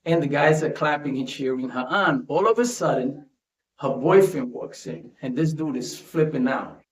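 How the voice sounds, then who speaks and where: Speaking at an ordinary pace in a fairly high pitch, a man hosts a conversational commentary monologue, capping statements with "right?". Echo from the room is audible.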